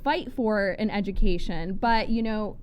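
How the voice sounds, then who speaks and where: A woman's voice: medium pitch, measured pace, a little mellow, slight background noise. Passionate woman speaking on a panel. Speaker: campaign panelist. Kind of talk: livestream panel discussion.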